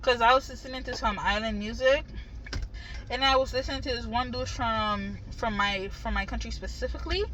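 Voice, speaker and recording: A woman's voice: on the high side, fairly quick, fairly bright tone, a little hiss or hum, rough recording. A young woman from the Caribbean talking in a loose, rambling way, full of slang and swearing. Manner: loose, slangy, cursing freely. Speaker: vlogger. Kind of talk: casual rambling monologue.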